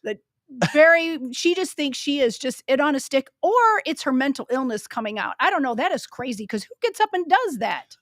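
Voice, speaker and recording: A woman co-hosting a casual political talk show, speaking emphatically and agreeing quickly. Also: high-pitched, lively intonation, no echo, studio quality. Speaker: co-host.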